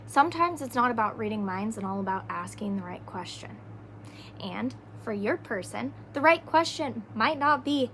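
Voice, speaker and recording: A woman's voice: on the high side, animated, moderate pace, a bit bright, slight background noise. A woman hosting a podcast, talking earnestly in a casual way and giving relationship advice, often tagging her points with "right?". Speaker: podcast host. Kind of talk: casual solo podcast talk.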